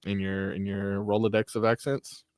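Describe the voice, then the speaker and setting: A man's voice: on the low side, normal speed, dry recording. A man co-hosting a sports radio show, teasing and playful in loose studio banter. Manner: playful, animated, laughing, teasing.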